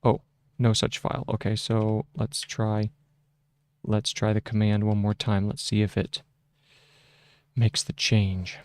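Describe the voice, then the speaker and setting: A man's voice: lowish voice, flat delivery, a little mellow, smooth, dry recording. A man hosting a casual shorthand tutorial, thinking aloud at his desk into a close microphone, with frequent fillers and restarts. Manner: slow, halting, with many fillers and restarts. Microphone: close desk microphone with a mute button.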